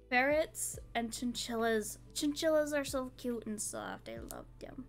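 This sleepy woman streamer has a sing-song, slightly high voice, with soft music playing behind her. She chats casually in a drawn-out way, letting thoughts trail off and laughing softly.

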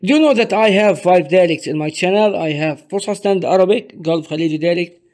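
High-voiced male Arabic teacher. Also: a little mellow. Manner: repeats words slowly, explaining each one. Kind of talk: language lesson for learners.

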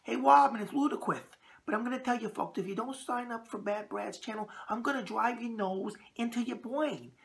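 Squeaky tough-guy boxer voice, gravelly edges, as a host puts it on. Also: moderate pace. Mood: mock-threatening. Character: boxer impression, squeaky high male voice.

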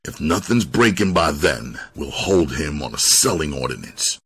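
A man voicing a hard-nosed police detective who speaks in slow, menacing street slang. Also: a bass voice, expressive, fairly bright tone, husky, full character voice.

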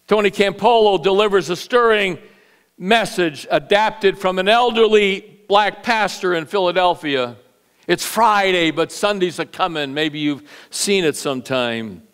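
This is a sermon from a middle-aged pastor in a church sanctuary, delivered at a measured pace with a clear, resonant tone. His volume rises into loud bursts and drops to quiet, low asides, and he repeats words as his argument builds.

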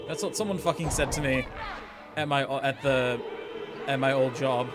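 A man's voice: medium pitch, normal speed, long pauses, over loud music. A man streaming a video game, giving casual commentary with sarcastic, swearing jokes.

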